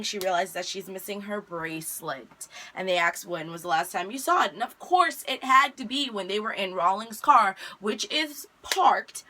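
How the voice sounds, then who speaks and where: Bright-voiced chatty woman vlogger. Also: medium pitch. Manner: chatty, animated retelling with quick asides. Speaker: vlogger recapping a TV episode. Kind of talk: casual spoken recap.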